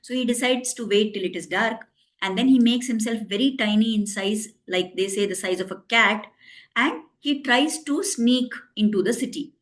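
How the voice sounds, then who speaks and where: A woman's voice: fairly high pitch, moderate pace. Woman telling a devotional story. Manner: explains and retells in simple English, quoting characters.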